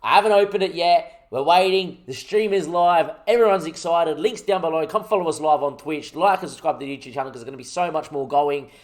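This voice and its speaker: Young guy narrating his game, slightly high voice, goofy and rambly. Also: fairly quick, few pauses. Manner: rambling, jokey, thinks aloud while playing. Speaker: gaming channel host. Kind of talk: casual gameplay commentary.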